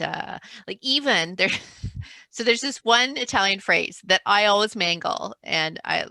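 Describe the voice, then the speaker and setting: Low gravelly-voiced woman chatting on a call. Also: sharp tone, dry recording. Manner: chatty, self-interrupting, laughs often. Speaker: author. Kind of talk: casual chat. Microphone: video call.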